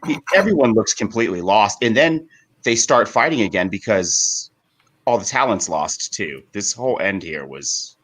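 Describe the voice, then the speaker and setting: A man co-hosting a podcast in casual chat, quick to react and incredulous. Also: lowish voice, lively intonation, fairly bright tone.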